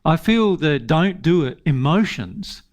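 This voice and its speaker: A man's voice: fairly high pitch, very animated, measured pace. A man giving an informal spiritual teaching talk, earnest, repeating phrases and laughing often.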